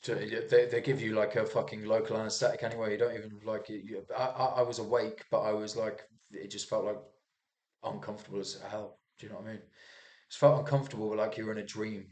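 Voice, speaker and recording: A man's voice: lowish voice, level tone, quick pace, darkish tone. A young man casually rambling through commentary on news headlines, swearing and restarting often. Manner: restarts a lot, swears, muses aloud. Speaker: vlogger reviewing news.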